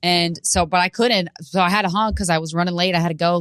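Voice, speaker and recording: Brief: woman, podcast comic, low voice, rambling and profane, bursts into yells, dry close mic. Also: quick pace, hardly any pauses, clean tone, no echo. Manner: profane, rambling, animated with sudden shouted bits. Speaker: podcast host and stand-up comedian. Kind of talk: solo comedic monologue.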